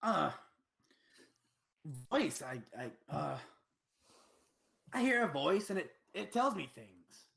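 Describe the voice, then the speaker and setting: A lonely oddball adventurer from a tabletop game, voiced by a player, who speaks in broken phrases and talks about himself in the third person. The voice is gravelly, with fry underneath. The pitch swings widely from word to word. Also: very animated, slow pace, pauses often, fairly bright tone, exaggerated voice. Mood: hesitant. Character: odd loner adventurer Didiki, hears a voice. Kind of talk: tabletop role-play in character.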